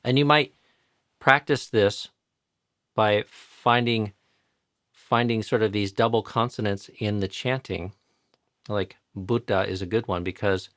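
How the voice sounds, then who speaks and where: An American man teaching chanting pronunciation patiently in a live online tutorial, repeating each sound slowly to demonstrate it. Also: on the low side, a bit bright, dry recording, clean studio sound. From United States.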